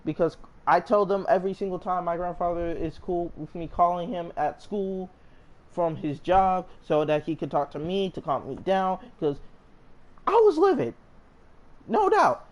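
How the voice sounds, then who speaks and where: A man's voice: high-pitched, steady tone, moderate pace, darkish tone. A man telling a story in a casual storytime monologue. He rambles with energy and keeps restarting his sentences. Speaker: storyteller vlogger.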